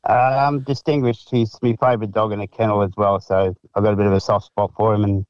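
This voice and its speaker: An Australian man, a greyhound trainer and guest, answering questions in a measured, hesitant way. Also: fairly low pitch, flat delivery, clean tone, no room sound, lo-fi sound. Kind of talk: interview answers.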